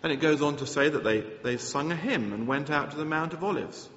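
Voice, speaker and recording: Earnest preacher in an echoey hall. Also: male voice, a little high, fairly quick, a little hiss or hum. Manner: earnest, animated, with frequent restarts. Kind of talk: sermon with Bible reading. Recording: echoey hall, slightly dull sound.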